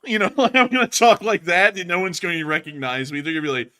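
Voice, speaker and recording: An excitable male host chatting on a livestream, quick to laugh. His voice is bright and forceful, and his pitch swings widely as he talks. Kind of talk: casual livestream chat.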